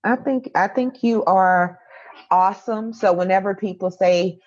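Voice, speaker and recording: A woman's voice: medium pitch, unhurried, highs cut off. A woman hosting a podcast, asking encouraging questions and wrapping up with a signature sign-off. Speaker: podcast host. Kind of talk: casual interview chat.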